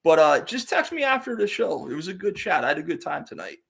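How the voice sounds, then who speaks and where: A man's voice: a little high, big pitch swings, fast talker, gravelly, fairly bright tone, husky. Rambling man in casual chat. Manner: rambling with repeated words, quotes stories back. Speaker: guest co-host.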